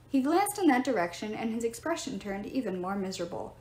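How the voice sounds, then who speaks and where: A woman reading a novel aloud, her fairly high voice rising and falling with lively expression. The reading sits in a roomy space with a clear echo. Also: brisk. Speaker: audiobook reader.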